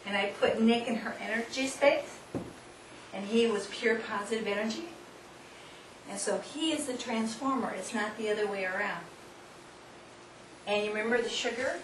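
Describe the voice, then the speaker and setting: At a hall before an audience, a woman seminar speaker leads a live workshop demonstration with volunteers, coaxing and instructing while often laughing. Her voice is mid-range at normal speed, broken by long pauses. The recording is distant, echoey and noisy.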